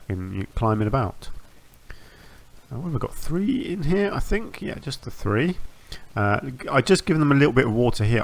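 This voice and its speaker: A man hosting a gaming channel, talking through a zoo-building game in a relaxed, rambling way, often restarting phrases and filling pauses with ums. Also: fairly low pitch. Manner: rambling, self-correcting, with frequent ums and restarts. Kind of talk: relaxed gameplay commentary.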